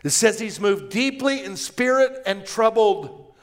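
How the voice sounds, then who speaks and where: A male pastor preaching a sermon in an emphatic, conversational manner that swells into loud declarations. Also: high-pitched, lively intonation, measured pace, faint music behind.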